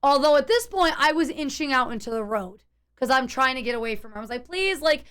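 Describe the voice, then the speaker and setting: High-voiced woman streamer telling a story. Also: quick pace, clean tone. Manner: animated, tense retelling with many restarts and "like". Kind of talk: casual storytelling to chat.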